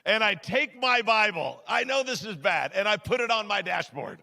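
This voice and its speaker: A man's voice: high voice, lively intonation, normal speed, vocal fry, sharp tone. A middle-aged man preaching, telling a story in a chatty, self-deprecating way with many fillers, in a church sanctuary. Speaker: guest pastor. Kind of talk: sermon storytelling. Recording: large hall with long reverb.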